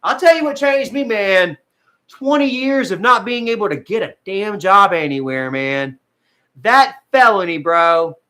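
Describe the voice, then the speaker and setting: Male vlogger, high and bright, profane and rambling; casual live-chat delivery. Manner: rambling, profane, says man and bro a lot.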